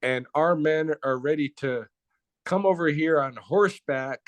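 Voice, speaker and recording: A man's voice: fairly high pitch, unhurried, pitched above the performer's own voice, natural voice. A man quoting a defiant woman elder. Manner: defiant, forceful. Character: defiant woman elder facing museum officials.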